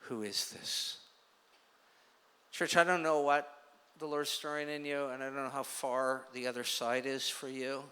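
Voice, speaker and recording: Man, sermon, conversational storytelling, mid-pitched, bright forceful tone, long hall reverb. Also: flat delivery, moderate pace, smooth. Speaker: pastor.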